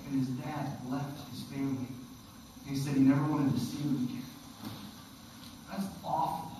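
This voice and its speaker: A young man giving an animated storytelling sermon to students at a school event, often checking in with "okay?". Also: a little high, slight background noise. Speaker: youth speaker. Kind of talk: youth sermon. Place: school hall, live audience. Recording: echoey hall from far off.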